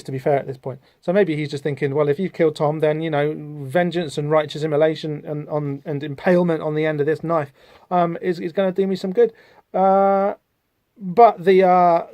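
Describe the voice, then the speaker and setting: A man hosts a comic book discussion podcast, his voice a little high for a man. He talks in a thoughtful, rambling way with plenty of fillers. The sound is close and dry. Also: darkish tone, dry recording. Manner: thoughtful, digressive, many fillers. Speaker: podcast host.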